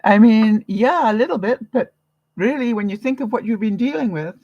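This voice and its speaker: A woman's voice: on the high side, lively intonation, moderate pace, mellow, no echo, dull audio. A woman from Canada hosting a live vlog, giving viewers an encouraging, motherly pep talk. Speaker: vlogger host. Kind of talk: live-stream chat with viewers.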